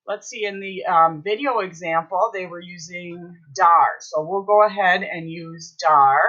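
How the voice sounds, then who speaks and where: Woman, Spanish teacher, bright clear voice, slightly dull lo-fi audio, step-by-step explaining. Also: fairly low pitch. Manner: explains step by step, checks in with "okay?". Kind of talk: recorded online class lesson.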